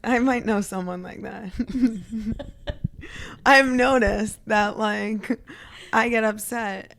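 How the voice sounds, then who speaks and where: A woman co-hosting a casual podcast chat, animated and laughing often, acting out what people said. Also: on the high side, takes it slowly, creaky, slight background noise. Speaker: podcast co-host.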